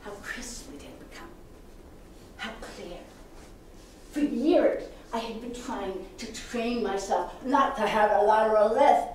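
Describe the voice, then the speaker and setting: A woman performing a solo storytelling piece on stage, animated and expressive, sometimes dropping to a hush. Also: fairly high pitch, unhurried, slight background noise. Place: theater stage. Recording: echoey hall from a distance.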